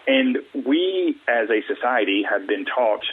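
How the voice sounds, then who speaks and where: A man from the US Deep South, a mental wellness coach, talking earnestly and acting out quoted small talk. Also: expressive, measured pace. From Alabama, US Deep South. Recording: tinny phone line, husky.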